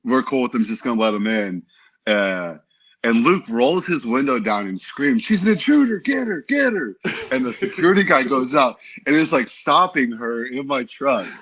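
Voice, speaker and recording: Husky, bright-toned young man. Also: mid-range voice, moderate pace. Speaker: podcast guest, football lineman. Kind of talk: casual storytelling chat.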